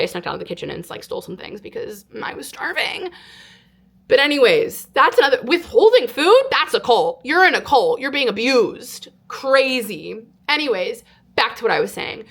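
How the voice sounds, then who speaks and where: A woman in her twenties from California, telling a personal story to camera in a casual, animated way with lots of "like". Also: on the high side, gravelly. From California, United States. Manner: animated, exaggerated retelling with frequent "like". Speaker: vlogger. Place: indoors, sit-down filming.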